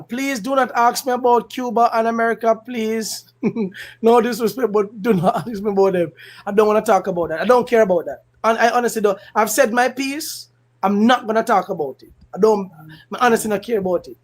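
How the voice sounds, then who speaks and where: A Jamaican man hosting a casual political commentary stream, animated and emphatic, switching between patois and standard English, laughing and repeating lines for effect. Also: high-pitched.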